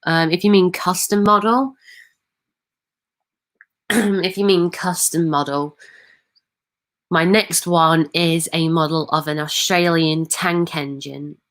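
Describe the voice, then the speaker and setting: A woman's voice: fairly low pitch, fairly even intonation, slow pace, pauses often, fairly bright tone. A woman from Manchester, hosting a casual livestream and answering viewer comments in a hesitant way, full of ums and restarts. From Manchester, England. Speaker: livestream host.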